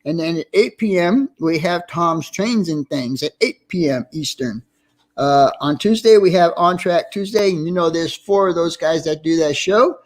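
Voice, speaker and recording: A man's voice: fairly high pitch, normal speed. A man hosting a casual livestream, chatty and reading out viewer names with friendly greetings. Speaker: livestream host.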